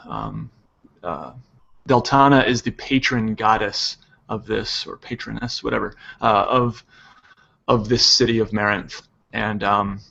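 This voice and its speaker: A man narrating as game master, halting and full of ums and restarts. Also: lowish voice, creaky, fairly bright tone, highs cut off. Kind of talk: narrating a tabletop game over a call.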